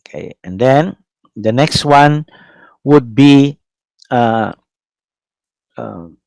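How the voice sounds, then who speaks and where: A middle-aged man with a Filipino accent lectures a class at an unhurried pace, stopping often to search for words. He fills his pauses with "uh" and checks in with his listeners with a rising "no?". His voice sits in a middle pitch and sounds dry, close to the mic. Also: lively intonation, creaky, darkish tone, no room sound, poor audio. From Philippines. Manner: halting, many fillers, checks in with "no?".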